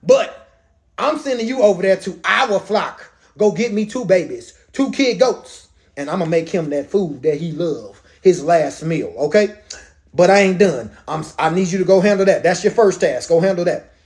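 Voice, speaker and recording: A man's voice: sits high, lively intonation, normal speed, darkish tone. A man voicing a scheming, protective mother who talks her son into her plan in a coaxing, bossy, slangy way. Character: scheming protective mother, middle-aged woman.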